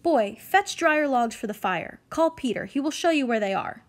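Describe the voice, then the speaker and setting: A woman voicing a nobleman father who briskly orders his servants about during the household preparations. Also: high voice, animated.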